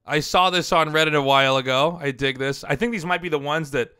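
Laughing man, crisp bright voice. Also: on the high side, a little fast, no room sound, clean studio sound. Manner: laughs often, amused asides, swears. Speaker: streamer reviewing fan drawings. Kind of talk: casual stream commentary. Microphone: headset.

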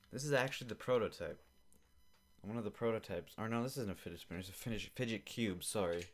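A young man hosting a podcast from his basement, rambling and swearing through an irritated casual rant. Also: lowish voice. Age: young adult. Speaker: podcast host. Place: home basement.

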